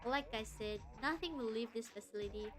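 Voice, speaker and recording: A woman reading the lines of a kind, persuasive male researcher in a calm, reassuring tone. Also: fairly high pitch, fairly quick, close to an everyday voice.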